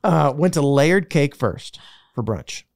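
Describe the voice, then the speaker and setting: A man on a podcast, chatting casually as he runs through the places he went. His pitch swings around a lot, and he tells it like a story. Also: lively intonation, takes it slowly, creaky, a little mellow. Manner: chatty storytelling, restaurant reviews. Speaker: podcast host. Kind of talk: casual chat.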